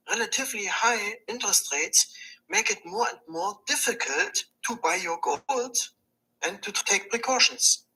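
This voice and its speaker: Bright-voiced woman reading a script. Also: mid-range voice, husky, poor audio. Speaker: presenter in a played economics video. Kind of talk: scripted narration.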